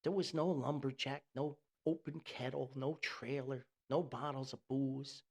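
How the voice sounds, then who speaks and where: A man hosting a podcast, telling a nostalgic family story in a folksy, animated way. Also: mid-range voice, measured pace, creaky, slightly rough.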